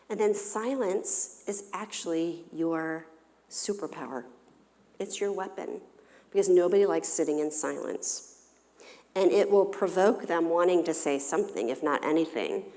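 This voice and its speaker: A woman's voice: on the low side, normal speed, a little mellow, long reverb tail. A woman counselor giving a parenting talk in a church, engaging her listeners with questions. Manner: engaging, poses questions to the audience. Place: church hall.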